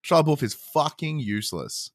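A man with an Australian accent, a guest on a gaming podcast, talking in an animated, rambling way with many fillers. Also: on the high side, moderate pace, dry recording, studio quality. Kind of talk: casual podcast chat.

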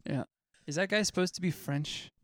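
A man's voice: sits high, normal speed, no echo. A man with dry, wry humor in a casual podcast chat.

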